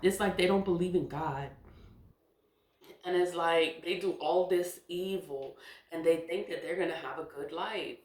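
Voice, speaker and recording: A woman in her forties in a casual spoken monologue, emphatic and animated, laughing often and swearing. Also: lowish voice, measured pace, roomy sound. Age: 40s. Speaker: spiritual content creator.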